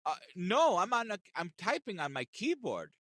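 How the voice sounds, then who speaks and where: Give me a man doing a distracted female call-center agent, high-pitched and mumbling. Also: wildly swooping pitch, normal speed, fairly bright tone, no room sound, studio quality, heavily acted.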